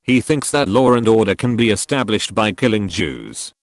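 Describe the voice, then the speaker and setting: A man's voice: fairly low pitch, expressive, normal speed, no room sound, studio quality. A man playing a sly, insinuating police chief. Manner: insinuating, confiding.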